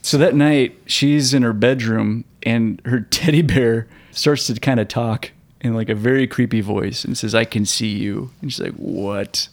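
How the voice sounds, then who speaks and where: A man co-hosting a movie podcast, recapping plots in a relaxed way and chiming in with jokes. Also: mid-range voice, moderate pace. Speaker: podcast co-host. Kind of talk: casual chat about movies.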